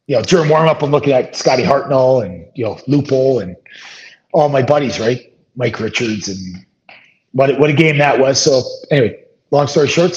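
A middle-aged man, a former hockey player, telling stories as an interview guest, relaxed and rambling with many fillers and restarts. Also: mid-range voice. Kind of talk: casual storytelling interview. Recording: dull lo-fi audio.

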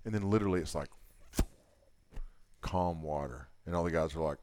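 A man speaking as a camp speaker to girls, giving an animated, folksy talk with slangy asides. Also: a bass voice, normal speed, long pauses. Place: camp meeting hall.

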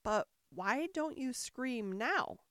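A woman's voice: a little high, animated, slow pace, a bit bright, no echo, studio quality. A woman voicing Alice, a polite and curious seven-year-old girl who speaks earnestly.

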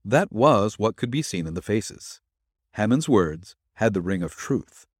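Male storyteller, low husky voice, lively pitch, dry close sound. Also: unhurried, no room sound. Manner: expressive storytelling. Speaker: narrator. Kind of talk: audiobook narration.

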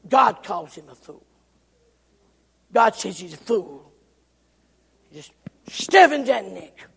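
A man preaching a sermon with rhythmic, repetitive phrasing, swinging from shouts down to hushed whispers. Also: sits high, big pitch swings, slow pace, creaky, slightly rough. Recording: long reverb of a large hall.

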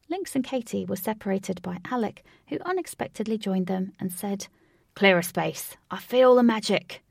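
A woman narrating a storybook in a steady, expressive reading voice. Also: mid-range voice, gravelly, breathy edge, dry recording, clean studio sound. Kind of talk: storybook read-aloud narration.

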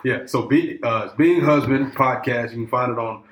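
A man's voice: mid-range voice, normal speed, crowd noise. A man guesting on a podcast, chatting casually in an upbeat way and laughing easily. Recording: roomy echo.

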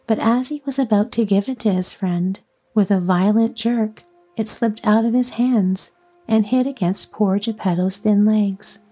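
A woman reading a children's story aloud as a storyteller, with calm, measured narration. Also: medium pitch, slightly rough.

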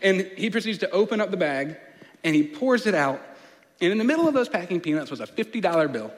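A man, preaching a sermon as a playful, animated storyteller. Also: sits high, quick pace. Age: late 20s. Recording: long reverb of a large hall.

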